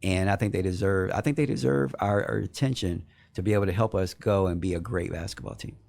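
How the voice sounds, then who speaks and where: A man's voice: low-pitched, brisk, vocal fry, a little mellow. A middle-aged man, a head basketball coach, answering podcast questions in an earnest way and often repeating words as he builds a point. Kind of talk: podcast interview.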